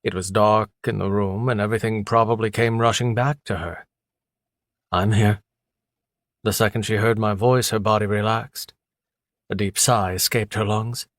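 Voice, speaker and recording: A man with a deep voice narrating a dark novel in the first person, in a measured, brooding manner. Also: steady tone, no room sound, studio quality. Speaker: audiobook narrator.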